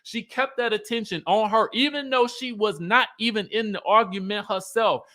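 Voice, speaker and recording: A chatty man gives a casual commentary recapping a reality show. His voice sits high and sounds bright and forceful. He is animated throughout and keeps acting out the quotes. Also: moderate pace. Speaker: YouTube host.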